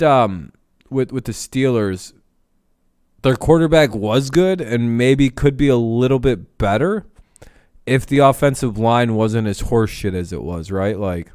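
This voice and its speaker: A man's voice: medium pitch, a little mellow, no room sound, clean studio sound. A man hosting a casual sports talk stream, blunt, profane and rambling. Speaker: host.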